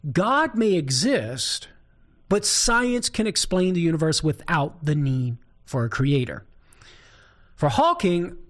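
A man from southern Louisiana with a Cajun accent, hosting a talk show as a Catholic apologist and telling a joke with animated delivery. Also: high-pitched. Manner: animated storyteller, chuckles often. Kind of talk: scripted talk-show commentary.

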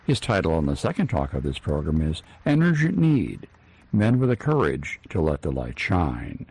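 A man hosting a program who introduces a recorded conference talk in a steady announcing tone. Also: rumbling low, normal speed, husky. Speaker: program host.

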